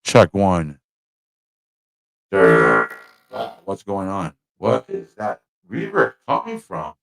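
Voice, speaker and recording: A man's voice: sits low, wildly swooping pitch, slow, vocal fry, heavy background noise. A man hosting a casual livestream, chatting in a rambling way and laughing at himself. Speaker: livestream host. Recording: echoey mic with faint music.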